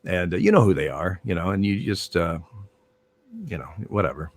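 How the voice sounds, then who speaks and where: Low-voiced older man, rambling storyteller. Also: normal speed. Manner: rambling, many fillers and restarts, animated when retelling arguments. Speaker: former baseball umpire, guest. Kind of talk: casual interview storytelling.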